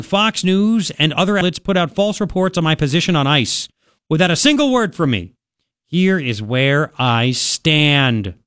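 A man hosting a political talk radio show, rambling and sarcastic in an animated way. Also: on the high side, no echo, studio quality.

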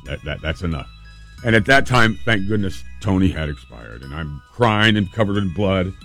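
A man's voice: deep voice, sing-song, normal speed, a bit bright, soft background music. A man telling a personal story in an earnest, emotional, vivid way.

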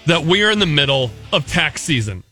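A man's voice: a little high, sing-song, fairly quick, bright, forceful tone, soft background music. A man co-hosting a morning radio show, telling jokey stories in casual banter and laughing often. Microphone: studio microphone.

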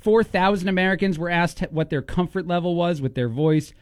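A man hosting a radio show, chatting casually with quick, jokey asides into a studio microphone. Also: high-pitched, clear, resonant tone, no echo. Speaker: radio host.

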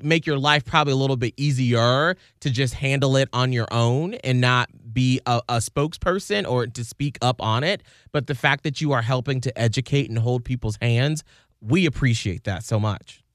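A man's voice: mid-range voice, a bit bright, dry recording, studio quality. A man co-hosting a podcast, chatting casually with encouraging, playful asides. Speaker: podcast co-host. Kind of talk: casual chat.

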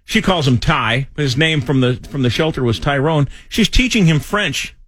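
A man hosts a loose radio chat in the studio, his voice slightly raised and husky. He swings up and down as he rambles through stories, stumbling into restarts and chuckles. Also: on the high side, animated, moderate pace, a bit bright, no echo. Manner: rambling, laughing, stammering restarts. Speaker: fill-in radio host.

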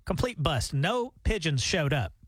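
High-pitched guy on morning radio, super bouncy, joking around, dry studio sound. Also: measured pace, slightly rough, no room sound. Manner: animated storyteller, jokey. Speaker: radio morning show co-host. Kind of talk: casual radio banter. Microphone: studio microphone.

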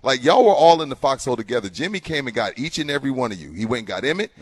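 A man co-hosting a morning sports radio show, animated and argumentative, building into passionate rants. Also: mid-range voice, racing, slightly rough. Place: radio studio.

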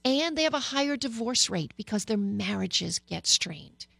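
A woman's voice: a little high, animated, normal speed, vocal fry, a bit bright, dry recording. A middle-aged woman psychologist hosting a talk radio show, speaking candidly and personally with frequent hesitations. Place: radio studio.

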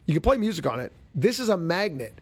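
A man's voice: a little high, big pitch swings, quick pace, slightly rough. A male golf show host chatting casually with a co-host and reading a product plug in a self-deprecating way. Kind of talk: casual show chat and ad read.

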